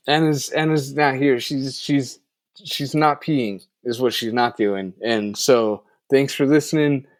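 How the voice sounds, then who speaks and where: A man co-hosts a podcast in a relaxed, rambling way, often restarting his sentences. His voice sits at a middle pitch. The recording is close and dry, with no room sound. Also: dry recording. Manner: rambling, self-correcting, wraps up with offhand plugs. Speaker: podcast co-host. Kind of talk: casual podcast chat.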